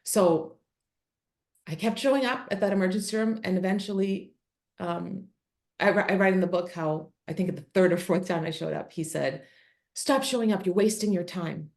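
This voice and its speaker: Middle-aged woman guest, earnest storyteller, lowish voice, acts out quoted dialogue. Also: moderate pace, creaky, darkish tone. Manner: earnest, emotional, quotes herself and her son vividly. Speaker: podcast guest, author and speaker. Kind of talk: candid interview storytelling.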